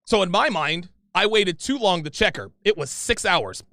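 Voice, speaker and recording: A man in his thirties telling a story in casual podcast talk, profane, animated and rambling. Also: high voice, normal speed, gravelly, no echo, clean studio sound. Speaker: podcast guest.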